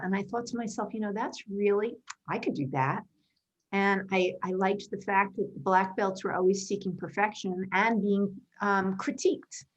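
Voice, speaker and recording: A woman's voice: mid-range voice, low-quality recording. A woman in her fifties answering interview questions over a video call, earnest and thoughtful, explaining things at length. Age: 50s. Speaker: interview guest, designer and karate black belt.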